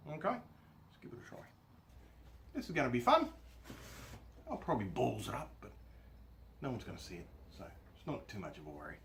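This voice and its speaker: A man's voice: medium pitch, wildly swooping pitch, fairly quick, vocal fry, long pauses, a bit bright, slight background noise. A man, chatting casually and jokingly while he works on a woodworking project, often laughing at himself. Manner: jokey, chuckling, self-deprecating. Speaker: woodworking vlogger. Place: home workshop.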